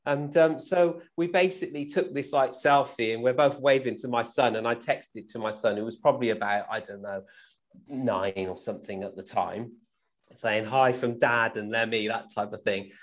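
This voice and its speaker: A man's voice: mid-range voice, normal speed. A man, a guest musician, telling stories casually and animatedly, often tagging "right?" and laughing as he goes. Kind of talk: casual storytelling.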